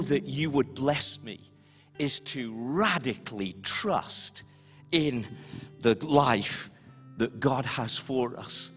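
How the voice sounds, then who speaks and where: Slow, emphatic preaching pastor. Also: male voice, mid-range voice, a bit bright, long reverb tail. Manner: slow emphatic preaching, leads repeat-after-me prayers. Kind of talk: sermon with call-and-response prayer. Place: church hall, live-streamed service.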